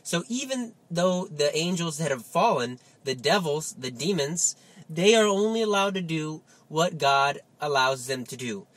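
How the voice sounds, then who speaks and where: A man giving a lively Catholic teaching talk, full of rhetorical questions and coaxing asides. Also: on the high side, a little slow. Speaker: Catholic speaker. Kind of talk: spoken religious teaching.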